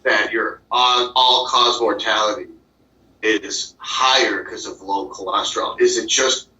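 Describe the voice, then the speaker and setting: A man's voice: on the low side, fairly even intonation, a little slow, pushed and bright. A man who is a physician and podcast host, telling stories in casual chat with blunt, profane language. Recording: roomy, distant, dull lo-fi sound.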